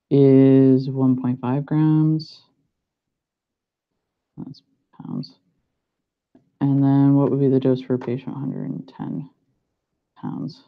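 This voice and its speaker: A young man, a pharmacy student, thinking aloud as he works through practice problems and doubts himself. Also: mid-range voice. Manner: muttering to himself, unhurried, self-doubting. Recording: muffled lo-fi recording.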